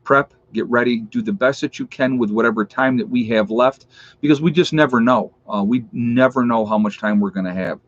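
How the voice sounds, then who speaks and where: A man's voice: mid-range voice, fairly quick, dry recording. A man hosting a casual livestream. He reads out where his viewers are tuning in from, then earnestly urges them to get ready. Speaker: livestream host. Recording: dull lo-fi stream audio.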